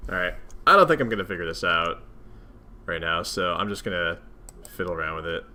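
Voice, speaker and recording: A man's voice: low voice, lively intonation, a little fast, sharp tone. A young man commenting casually as he plays a video game, chatty and self-mocking. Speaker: let's play host.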